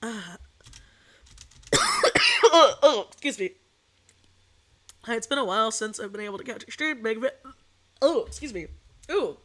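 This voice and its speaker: A young adult woman streaming from home as a VTuber, telling a story in a casual, animated rant full of swearing and sudden outbursts. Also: on the high side, a little slow, pauses often.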